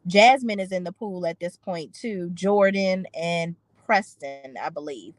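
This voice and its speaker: A woman's voice: on the low side, measured pace, dry recording, low-quality recording. A woman giving an opinionated, sassy recap of a reality TV episode, slipping into voices for the people she quotes. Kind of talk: casual recap commentary.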